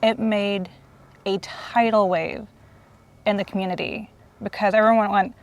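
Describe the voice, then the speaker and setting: Her mid-range voice a little slow, a forties-aged host tells her guest, earnestly and gushingly, how much the guest's work has meant to her. She's on the verge of tears in this emotional fan tribute.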